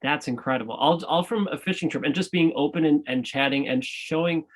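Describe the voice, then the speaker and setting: A man's voice: on the high side, a little fast. A man hosting a podcast, reflecting back on his guest's story with enthusiasm. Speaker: podcast host. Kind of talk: reflective interview commentary.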